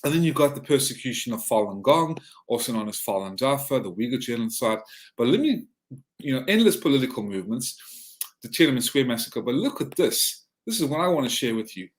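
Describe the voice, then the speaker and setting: A man's voice: medium pitch, big pitch swings, brisk. A man with a Southern Georgia accent, a podcast guest talking in a heated, ranting way and often tripping over his words. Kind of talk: casual podcast chat.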